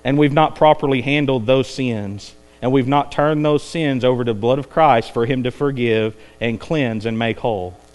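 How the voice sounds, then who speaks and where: A man preaching a sermon, climbing to intense peaks and then dropping low and quiet. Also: normal speed, few pauses. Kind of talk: evening sermon.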